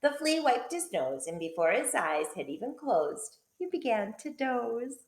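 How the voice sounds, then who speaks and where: A woman teacher reading a picture book aloud to children, playful and expressive. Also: fairly high pitch, a little slow, vocal fry, roomy sound. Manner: playful, expressive storytelling with sound effects.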